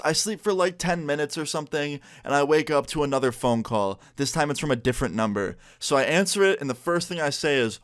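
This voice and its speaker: A young man vlogging, chatty and animated as he retells a story time with plenty of fillers. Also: mid-range voice, clear, resonant tone, no echo, clean studio sound.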